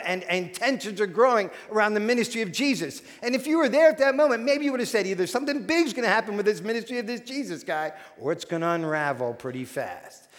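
A man preaching a sermon as a pastor, telling stories animatedly with frequent restarts. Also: high voice. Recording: long hall reverb.

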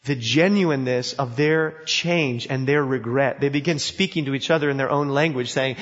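A man's voice: medium pitch, normal speed, few pauses. A man preaching a sermon, telling a story with emphasis and putting questions to his listeners. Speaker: pastor. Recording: dull sound in a reverberant hall.

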